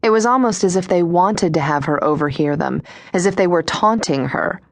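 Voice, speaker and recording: Low-voiced woman narrating a suspense audiobook. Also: no room sound. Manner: measured, suspenseful reading.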